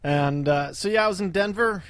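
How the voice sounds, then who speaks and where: A young man chatting on a podcast, his fairly high voice close and dry with no room around it. He rambles through his stories, stopping to laugh often. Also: normal speed, a bit bright, smooth, no echo. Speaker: podcast co-host. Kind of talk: casual chat.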